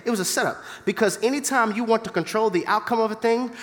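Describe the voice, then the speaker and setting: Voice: medium pitch, quick pace, a bit bright. A preacher delivering an impassioned call-and-response sermon with humor. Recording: long hall reverb.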